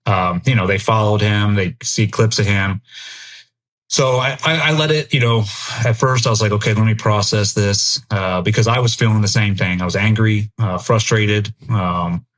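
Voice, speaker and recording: A middle-aged veteran from the U.S. is interviewed on a podcast, talking with candor and reflection. His voice is on the low side and a bit bright, delivered at a moderate pace, with an earnest, think-out-loud manner.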